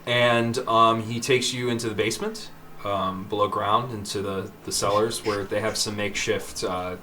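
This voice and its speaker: A man narrating as dungeon master, describing scenes in a halting way with many fillers. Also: lowish voice, steady tone, bright, forceful tone, a little hiss or hum. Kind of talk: narrating a tabletop game.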